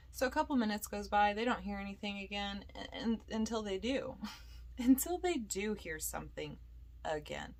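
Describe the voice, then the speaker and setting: A woman's voice: mid-range voice, moderate pace. A young woman, a podcast host and paranormal investigator, telling a ghost story in a loose, chatty way with lots of fillers and acted-out quotes. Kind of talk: casual storytelling.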